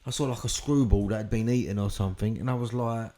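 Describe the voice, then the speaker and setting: A man's voice: lowish voice, fairly even intonation, fast, warm tone. A middle-aged man, a podcast guest telling a vivid, swear-filled story and acting out the voices in it. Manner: vivid, profane storyteller who acts out quotes.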